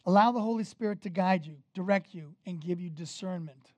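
A man's voice: sits high, brisk, few pauses, no echo. A man preaching a sermon, emphatic and direct, asking the congregation questions as he goes. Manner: emphatic, rises and falls in loudness, talks straight to the congregation.

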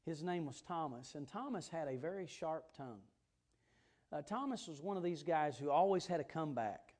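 Guy preaching a church sermon, pretty high voice, earnest, hits key words hard. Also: lively intonation, moderate pace, darkish tone. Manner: emphatic, earnest preaching with stressed repeated words.

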